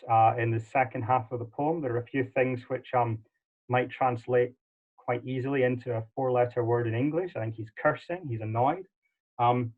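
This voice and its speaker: A man giving an online livestream lecture in a chatty way, with frequent ums and uhs. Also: medium pitch. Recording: tinny phone-like audio.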